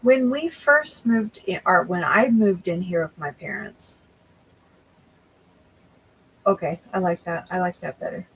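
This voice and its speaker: A woman's voice: on the low side, unhurried, long pauses, a little hiss or hum, low-quality recording. A young woman hosting a crochet livestream, chatting casually with viewers and often losing her train of thought.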